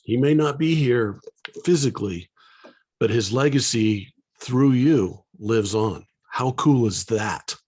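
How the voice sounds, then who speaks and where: Husky-voiced man hosting a podcast. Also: mid-range voice, slow, a little mellow. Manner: encouraging, affirming. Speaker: podcast host and author. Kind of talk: podcast interview.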